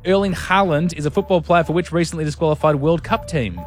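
A man hosting a radio quiz, his voice sitting a little high. He teases his co-host and fires off the questions briskly. Faint music runs underneath. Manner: teasing, brisk quizmaster.

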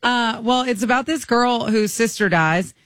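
A woman co-hosting a morning radio show, telling stories in an animated, gushing way. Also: fairly high pitch, unhurried, no echo, clean studio sound. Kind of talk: casual chat.

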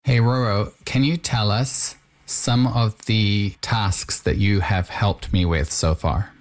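A man's voice: fairly low pitch, steady tone, slow, no room sound. A man hosting a podcast, narrating and chatting in a wry conversational way. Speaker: podcast host. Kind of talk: scripted narration and chat.

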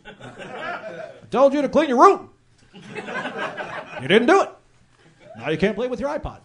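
A man doing an impression of a calm, fatherly president who speaks in measured pauses. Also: extremely high pitch, background noise, pitched above the performer's own voice, heavily acted.

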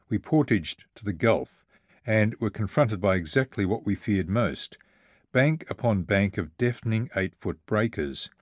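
A man with a lowish voice narrates a first-person travel memoir as an audiobook. He reads in a measured, vivid way. The recording is dry, with almost no room sound. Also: no echo.

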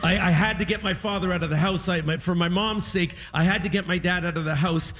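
A high-voiced man doing stand-up storytelling. He is animated and keeps chuckling through his anecdotes. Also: fast talker. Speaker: stand-up comedian.

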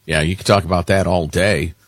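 A man's voice: deep voice, fairly even intonation, a little fast, dry recording. A man co-hosting a talk radio show, chatting casually and wryly reading listener emails aloud. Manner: wry, conversational, reads emails aloud with emphasis. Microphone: studio microphone.

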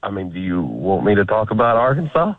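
A man's voice: fairly low pitch, big pitch swings, fairly quick, no room sound. A man calling in to a sports radio show, laughing and folksy. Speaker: caller. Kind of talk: casual call-in chat. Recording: tinny dry phone line.

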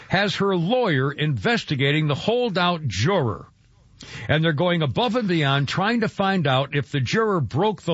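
A man's voice: on the high side, fairly bright tone, dry recording. A man in his seventies hosting a talk radio show, rambling and chuckling with lots of restarts. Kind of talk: casual talk radio chat. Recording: dull lo-fi radio broadcast, dry.

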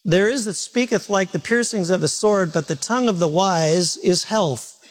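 A man's voice: high voice, normal speed. A man preaching a morning sermon as a pastor, talking conversationally with repetition and self-deprecating humor.

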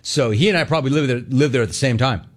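A man runs a sports talk radio show from the studio, brash and animated, taking callers one after another. He riffs on their calls and hammers the same punchy words over and over. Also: medium pitch, fast.

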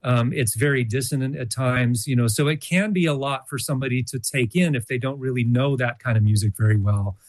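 Halting, thoughtful man in radio interview. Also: medium pitch, no echo. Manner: thoughtful, halting, many fillers and restarts. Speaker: college jazz orchestra co-director.

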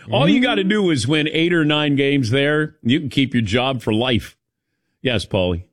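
Animated man hosting sports radio. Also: mid-range voice, takes it slowly, dry recording, studio quality. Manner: animated, teasing, calls on crew by name. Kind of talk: casual sports talk.

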